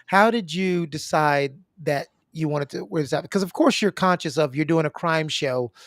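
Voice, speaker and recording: An easygoing man hosting a podcast interview, his voice sitting a little high for a man. He is chatty and encouraging, filling the gaps with quick affirmations, and the recording is close and dry with no room sound. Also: fairly bright tone, no echo. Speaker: podcast host.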